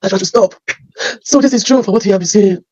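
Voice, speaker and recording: A woman with a Nigerian accent telling her life story as emotional personal testimony, halting and often repeating her phrases. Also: medium pitch, warm tone, no room sound, dull audio.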